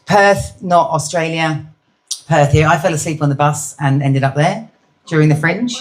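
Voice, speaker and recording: Her voice sits low and moves at a normal pace. She's a middle-aged British comedian at a venue with a live audience, doing crowd work and chatting cheekily with the people in front of her.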